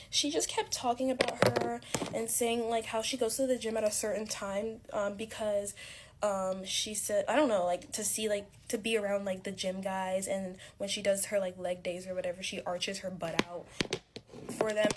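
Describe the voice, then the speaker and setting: A woman's voice: medium pitch, moderate pace, very noisy. Rambling young woman telling a story. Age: young adult. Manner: rambling, filler-heavy, animated retelling. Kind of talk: casual story time.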